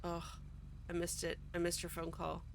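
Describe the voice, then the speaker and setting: A woman's voice: lowish voice, monotone, moderate pace, gravelly, a little hiss or hum. A woman streamer chatting casually while she plays, exasperated and ranting, swearing often. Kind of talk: casual roleplay stream chat.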